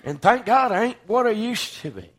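Male preacher, higher-pitched voice, impassioned sermon with sharp loud-to-soft swings. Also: lively intonation, moderate pace. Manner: fervent, swings from loud declaiming to hushed.

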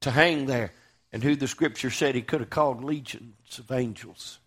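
A man preaching a sermon, swinging from loud, fervent declaiming to hushed, quiet lines. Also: medium pitch, moderate pace, slightly rough.

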